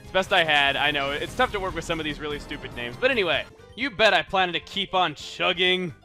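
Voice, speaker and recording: A young man commentating a video game playthrough, cracking puns, mocking himself and bursting into excited shouts. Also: fairly high pitch, fairly quick, soft background music. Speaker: let's play commentator.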